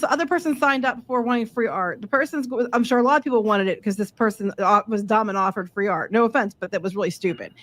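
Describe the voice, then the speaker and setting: A woman's voice: sits high, a bit bright. A woman co-hosting a casual chat show, giving blunt, opinionated advice and swearing casually. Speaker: co-host.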